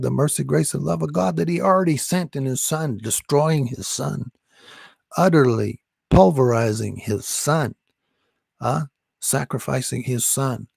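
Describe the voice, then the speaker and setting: A man with a dark, gravelly voice preaches with urgent, insistent repetition, leading a prayer for salvation. The sound is dry and close, with no room around it. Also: fairly high pitch, dry recording. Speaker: deliverance preacher.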